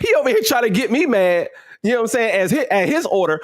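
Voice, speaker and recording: A man with a notably high voice gives an animated motivational talk to his audience. He talks in casual slang and keeps circling back to repeat his points for emphasis. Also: fast. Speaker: motivational livestream host.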